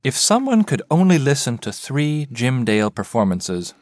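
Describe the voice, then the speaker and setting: Lively male interviewer. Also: medium pitch, normal speed, no echo, studio quality. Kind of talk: interview questions.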